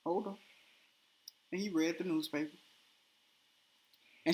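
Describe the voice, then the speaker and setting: A man hosting a podcast, telling a story in casual chat and acting out the quotes with animated energy. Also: a little high, a little slow, pauses often. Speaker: podcast host.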